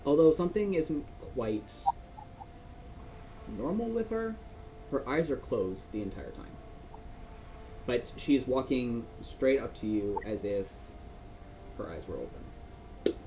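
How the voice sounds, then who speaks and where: A man's voice: mid-range voice, sing-song, takes it slowly, long pauses, warm tone, slight background noise. A man running a tabletop game as game master, narrating with many fillers and restarts. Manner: rambling, many fillers and restarts, laughs often. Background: music.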